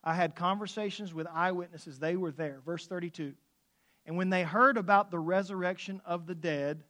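High-voiced animated male preacher. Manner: animated, swings from loud outbursts to hushed asides. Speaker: pastor. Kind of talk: sermon.

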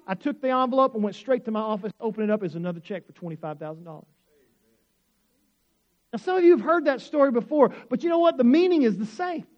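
A pastor preaches with a high-pitched male voice, telling a story to his congregation. He talks in animated bursts that climb to excited shouts. The recording sounds dull and muffled. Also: fairly quick. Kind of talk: storytelling sermon.

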